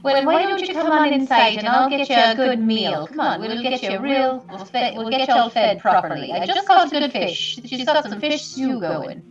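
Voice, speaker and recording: Lady player, high lively voice, chatty and sweet, echoey far-off dull mic. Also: moderate pace, hardly any pauses, soft background music. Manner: kind, eager, chatty. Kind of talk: tabletop game role-play. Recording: roomy, distant, dull sound.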